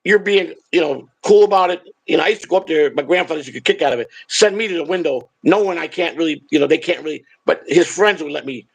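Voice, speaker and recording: An older man tells long stories in a rough, gravelly voice. His tone is husky and slightly raised in pitch. He rambles, swears freely and stumbles over repeated words. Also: quick pace, hardly any pauses, poor audio. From Chicago. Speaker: show host telling stories. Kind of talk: casual storytelling chat.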